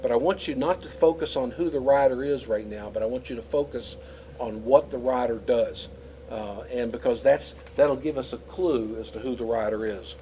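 Man, Bible teacher, casual explanatory delivery, mid pitch, faint background hiss. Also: dark tone, rough recording. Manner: casual, explanatory, with frequent fillers and restarts.

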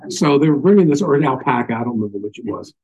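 A man's voice: mid-range voice, lively intonation, racing, darkish tone, husky, highs cut off. An older man with a Southern accent giving an informal Bible teaching, folksy and full of little stories and asides. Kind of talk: informal sermon.

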